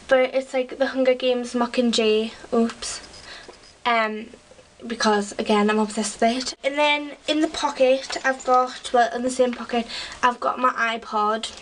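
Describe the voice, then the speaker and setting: A high, youthful voice from a teenage girl, chatting casually to camera. She rambles, piling up fillers and half-finished thoughts. A faint hiss sits under the home recording. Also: far from the mic, rough recording. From England. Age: teens. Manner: chatty and rambling, full of "like" and "sort of". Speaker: vlogger. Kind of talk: casual chat.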